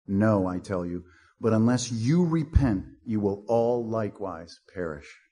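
A man preaching from the pulpit, his voice a little husky and sitting on the low side. He drives his points home bluntly and slips into mocking asides. He speaks at a plain sermon pace. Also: mellow. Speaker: pastor.

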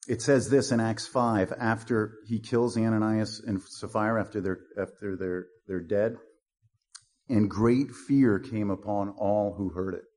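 A man's voice: lowish voice, steady tone, measured pace, darkish tone. A male pastor preaching a sermon in a blunt, punchy way, with mocking asides.

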